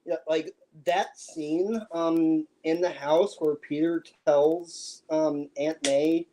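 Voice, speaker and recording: A man's voice: fairly high pitch, little pitch movement, slow, warm tone, low-quality recording. A man co-hosting a casual movie podcast, mostly agreeing and hesitating with fillers. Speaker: podcast co-host.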